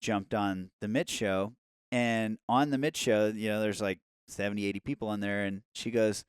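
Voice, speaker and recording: A man's voice: on the low side, steady tone, normal speed, clean tone, no room sound, studio quality. A man, a podcast guest, telling a casual story in a rambling, profane way, full of "like" and "you know". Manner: profane, rambling, heavy with fillers.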